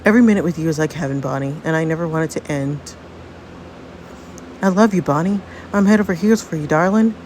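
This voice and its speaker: A woman voicing a gentle, doting teenage boy courting a girl. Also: deep voice, fairly quick, slight background noise, lightly acted. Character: sweet romantic teenage boy suitor.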